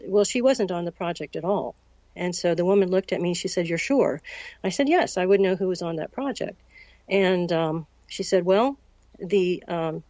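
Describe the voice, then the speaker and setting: A woman in her sixties from the United States, recounting a personal story as an interview guest in a measured way and acting out the dialogue. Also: on the low side, a little mellow, no room sound. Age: 60s. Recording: dull, lo-fi recording.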